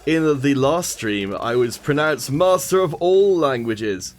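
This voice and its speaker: His voice is medium in pitch, slow and expressive, with faint music behind it. He is an esports caster giving laid-back commentary on a mobile game stream, calling out chat viewers by name and joking at his own expense.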